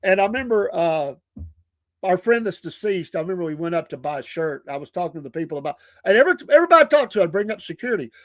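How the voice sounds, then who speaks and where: A man, a podcast host and preacher, telling stories in a casual, animated way, often breaking into laughter. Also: sits high, fast talker, dry recording. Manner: animated, laughing often, acting out quoted people.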